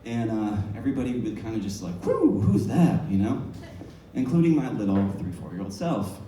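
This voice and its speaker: A man's voice: on the low side, animated, a little fast, warm tone, a little hiss or hum. A man telling a comic story on stage, laughing through his own punchlines. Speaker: stand-up comedian. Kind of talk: stand-up comedy storytelling. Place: live comedy venue. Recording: echoey room, heard from a distance.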